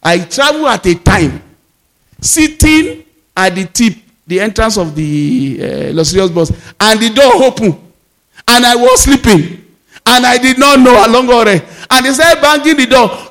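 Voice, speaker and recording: A man with a Nigerian accent, a pastor preaching and telling lively personal stories in a sermon, slipping into Yoruba. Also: very high voice, measured pace. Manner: lively storytelling, mixes English with Yoruba. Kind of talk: sermon storytelling.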